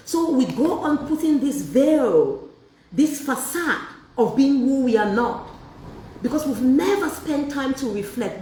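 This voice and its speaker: A woman's voice: medium pitch, darkish tone, a little hiss or hum. A woman leading a faith group with sermon-style teaching. She fires rhetorical questions at her listeners and draws answers back from them. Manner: rhetorical questions and call-and-response. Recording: echoey room, voice far from the mic.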